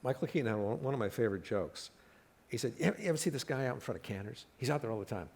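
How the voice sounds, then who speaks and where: Very fast and expressive, the medium-pitched voice is gravelly, husky, and darkish in tone. It belongs to a middle-aged comedian guest telling stories in an onstage conversation at a live talk event, acting out quotes and laughing at his own jokes.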